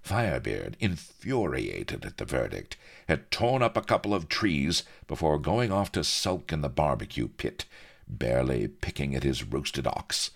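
Gravelly, very deep theatrical male narrator. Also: very animated, measured pace. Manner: theatrical, playfully ironic storytelling. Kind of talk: audiobook narration.

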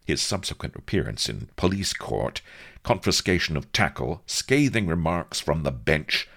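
Deep-voiced man narrating a comic tale. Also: moderate pace, creaky. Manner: wry, comic storytelling with lively emphasis. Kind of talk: audiobook narration.

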